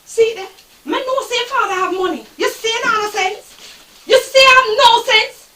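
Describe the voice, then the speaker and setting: Woman playing a scheming Jamaican girlfriend, nagging, very high bright voice, roomy distant sound. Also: normal speed. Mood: pushy. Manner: nagging, commanding, in patois. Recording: roomy, distant, faint noise.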